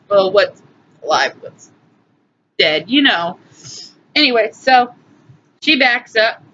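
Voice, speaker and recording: A woman's voice: a little high, animated, takes it slowly, long pauses, fairly bright tone. A woman in her twenties telling a personal story in a chatty, emotional, rambling way on a phone recording. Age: 20s. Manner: chatty, emotional, lots of "anyway" and asides. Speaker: vlogger. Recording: muffled phone audio with faint hiss.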